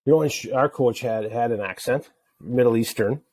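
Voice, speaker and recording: A middle-aged man from Wisconsin co-hosting a sports parenting podcast, telling stories in a joking, animated way. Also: medium pitch, normal speed. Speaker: podcast co-host. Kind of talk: casual chat.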